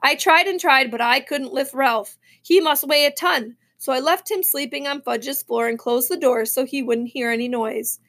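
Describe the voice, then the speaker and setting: A woman reading a children's novel aloud in a lively storybook manner. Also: high voice, normal speed, hardly any pauses. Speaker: reader.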